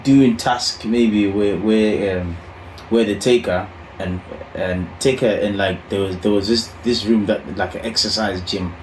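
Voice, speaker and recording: A man's voice: lowish voice, steady tone, a little slow. A man chatting casually, speaking hesitantly with many fillers. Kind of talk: casual chat. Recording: echoey room, faint noise.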